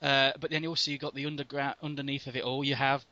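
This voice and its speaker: A man's voice: medium pitch, flat delivery, fast, sharp tone, dry recording, muffled recording. A man co-hosting a casual film commentary, rambling and restarting his thoughts as he goes. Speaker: podcast co-host.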